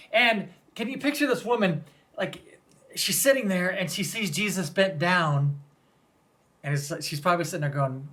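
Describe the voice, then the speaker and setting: A pastor preaching in an easy, conversational way rather than a formal pulpit tone. The talk walks through scripture as lively storytelling and keeps asking listeners to picture each scene. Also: medium pitch, moderate pace. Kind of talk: conversational sermon.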